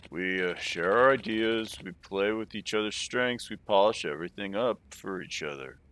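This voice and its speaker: A man's voice: on the low side, normal speed, fairly bright tone, slight background noise, lightly acted. A man voicing a weary, dismissive male writer in a fan game dub, speaking in a dry, tired way.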